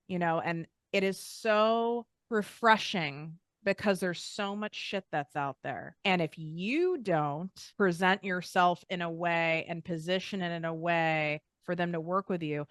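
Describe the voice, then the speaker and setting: A woman hosts an interview and speaks as a coach, direct and encouraging. Her voice is lowish and smooth, recorded close and dry. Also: measured pace, hardly any pauses, fairly bright tone, no echo. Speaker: host and sales coach.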